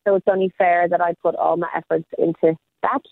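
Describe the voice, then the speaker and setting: A woman's voice: on the low side, little pitch movement, brisk, vocal fry, no room sound. A woman life coach talking casually on the radio, upbeat and motivational. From Australia. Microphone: phone call. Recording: phone line.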